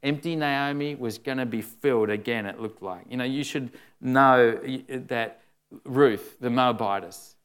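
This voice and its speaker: A man's voice: medium pitch, measured pace, clear, resonant tone. A man preaching a sermon in a conversational way, often saying "you know" and acting out the lines he quotes.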